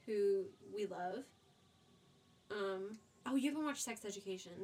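An excitable woman chats about her favorite movies with a friend on a podcast. Her voice sits at a middle pitch, and she talks in a loose, chatty way, poking fun at herself as she goes. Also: a little slow, slightly rough. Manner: enthusiastic, chatty, laughs at herself. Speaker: podcast co-host. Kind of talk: casual chat recommending movies.

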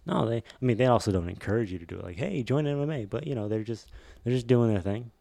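A man co-hosting a casual podcast chat in a low, gravelly, dark-toned voice. He rambles and restarts his sentences often, and the sound is dry and close. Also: quick pace, no echo. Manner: rambling, hesitant, many restarts. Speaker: podcast co-host.

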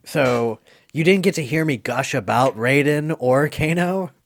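A man hosting a casual movie quiz podcast, chatty and quick to laugh. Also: on the high side. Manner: chatty, laughs often, gushing. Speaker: quiz host. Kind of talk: casual podcast game chat.

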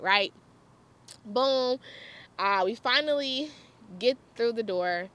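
Brief: young woman, casual storyteller, swooping lively voice, a bit high, laughs often, chats to viewers. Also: slow, pauses often, clean tone. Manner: animated, laughs often, chatty asides to viewers. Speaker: vlogger.

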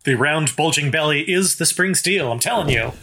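A man co-hosting a casual book discussion, reading passages aloud and explaining them in a thoughtful, measured way. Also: on the high side, animated, bright, forceful tone. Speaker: podcast co-host.

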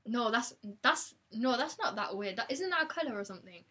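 A young woman chatting casually as a co-host, excitable and quick to exclaim. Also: a little high, husky. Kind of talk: casual chat.

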